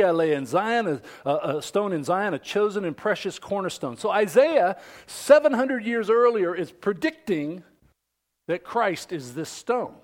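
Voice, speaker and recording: Emphatic high-voiced preacher man. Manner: emphatic preaching with wide swings from loud declarations to hushed near-whispers; asks the congregation questions. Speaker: pastor. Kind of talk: sermon.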